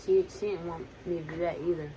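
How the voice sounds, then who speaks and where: A woman vlogging at home who coos at her children in high baby talk and then speaks earnestly about her faith. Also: steady tone, quick pace, background noise. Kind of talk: casual family vlog and personal testimony.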